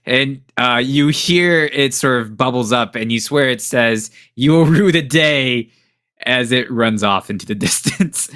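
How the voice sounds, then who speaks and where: Man as game master for a tabletop game, slow and bright, dry close sound, casual with lots of ums. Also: mid-range voice, clear, resonant tone, no room sound. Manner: casual, hesitant, with many fillers and chuckles.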